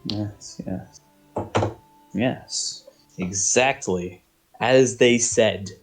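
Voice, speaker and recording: Low-voiced man running a tabletop game. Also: drawn-out words, soft background music. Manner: rambling, hesitant, many fillers. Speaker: game master. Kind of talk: narrating a tabletop game over voice chat.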